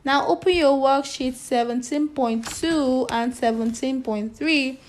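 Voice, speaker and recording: Slow, high-voiced woman teacher. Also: slight background noise. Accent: Nigerian. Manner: slow, deliberate, spells words letter by letter. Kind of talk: reading aloud and teaching children.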